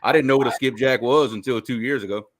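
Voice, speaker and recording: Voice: mid-range voice, fast talker, crowd noise. A speaker chatting casually on a livestream, earnest and repeating phrases.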